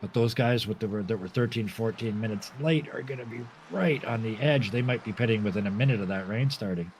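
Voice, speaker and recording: A man's voice: fairly low pitch, a little fast, a little mellow, slight background noise, rough recording. A man from Canada commentating a sim race live, chatty and laughing often.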